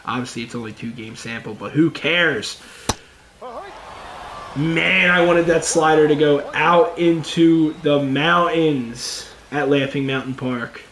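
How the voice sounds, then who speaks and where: A young man with a slightly high voice gives casual, excitable commentary over his baseball video game. He chats straight to his viewers as "boys", and his voice sounds roomy and echoey, with a faint hum of ambience behind it. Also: slow pace. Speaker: gaming YouTuber. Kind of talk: let's play commentary.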